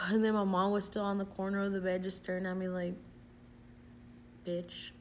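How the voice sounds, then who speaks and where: A woman's voice: mid-range voice, flat delivery, fast talker, a little hiss or hum. A young woman telling a personal story in a casual vlog, rambling with lots of "like" and slipping into Spanish words. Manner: rambling, heavy use of "like", slips into Spanish. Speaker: vlogger.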